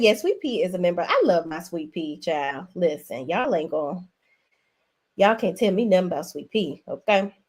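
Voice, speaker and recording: A woman's voice: on the low side, expressive, moderate pace, pauses often, a little mellow. A woman hosting a casual livestream, chatting in a sassy, talkative way and calling her viewers "y'all". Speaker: livestream host.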